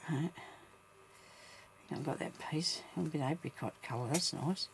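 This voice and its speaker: Woman crafting on camera, gravelly voice, talks to herself a lot, bit of faint hiss behind. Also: deep voice, a little slow. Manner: chatty, muses to herself, laughs often. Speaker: crafting vlogger. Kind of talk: casual crafting chat, thinking aloud.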